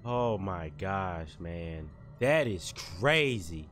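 Scared young man with a bright voice. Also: sits low, animated, very slow, faint music behind. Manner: jumpy, frightened, slangy, says bro and dude. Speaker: gaming YouTuber. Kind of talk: horror game commentary.

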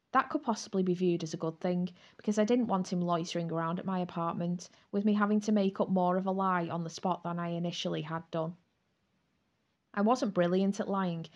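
Lady reading her romcom audiobook, mid-pitched, wry and expressive. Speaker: audiobook narrator. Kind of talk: first-person novel reading.

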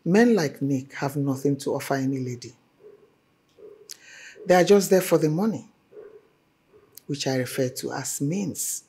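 A woman's voice: very deep voice, expressive, unhurried, pauses often, warm tone, breathy edge, exaggerated voice. A middle-aged Nigerian woman playing a stern, domineering mother who lectures in formal language. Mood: lecturing. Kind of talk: Nollywood drama acting.

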